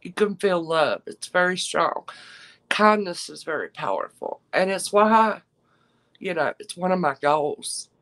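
A woman's voice: on the low side, low-quality recording. Brief heartfelt woman in her fifties. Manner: heartfelt, chatty, talks straight to viewers. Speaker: live-stream jewelry seller. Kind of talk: casual live-stream chat to viewers.

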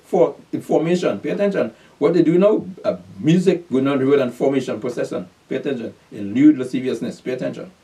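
A man's voice: mid-range voice, mellow, far from the mic. A man preaching a bible class, reading scripture aloud and explaining it with emphatic questions and repeated calls to pay attention. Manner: reads scripture aloud then explains it in call-and-response questions.

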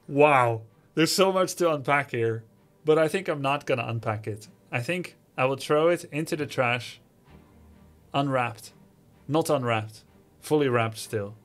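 A man's voice: medium pitch, unhurried, fairly bright tone. A man streaming live, reading viewer messages aloud with a sarcastic, mocking, theatrical manner, faint music behind him. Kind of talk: livestream reading chat messages.

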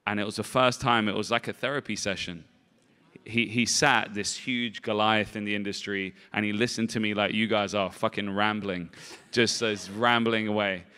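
A man answering interview questions in a rambling, halting way, repeating words and filling gaps with "you know". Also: lowish voice, fairly even intonation, bright, forceful tone, clean tone. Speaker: film director and actor, interview guest. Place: festival stage in a large hall. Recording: long reverb of a large hall.

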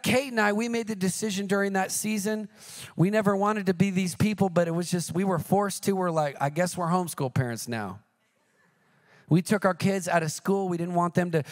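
Male preacher, middle-aged, high-pitched, animated storyteller in a sermon. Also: fast. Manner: animated storytelling, jumps into shouted quoted cries.

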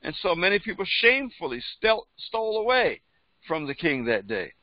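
A man's voice: sits high, sing-song, moderate pace, no room sound, highs cut off. A pastor reading scripture aloud and then explaining it in plain conversational speech, often repeating words as he goes. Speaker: pastor and Bible teacher.

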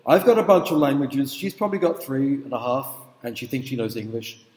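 A middle-aged male lecturer speaks casually at a mid pitch and keeps asking the room "okay?" as he tells stories. His voice carries a long hall reverb that rings around a big lecture room. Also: lively intonation, a little fast, a little mellow. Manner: informal, checks in with the audience. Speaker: university lecturer. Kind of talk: conversational lecture with anecdotes.

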